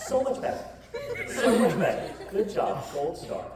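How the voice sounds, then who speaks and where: A woman's voice: lowish voice, unhurried. Woman telling a story live, voice jumps all over, echoey room, mic far off. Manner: animated, joking asides, coaxing the crowd. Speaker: storyteller, comedian. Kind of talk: live comedic storybook reading with audience participation. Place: live show venue with audience.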